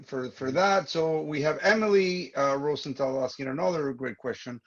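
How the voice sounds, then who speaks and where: Gravelly man reading out questions. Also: mid-range voice, lo-fi sound. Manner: reads questions aloud with hesitations. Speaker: moderator reading audience questions.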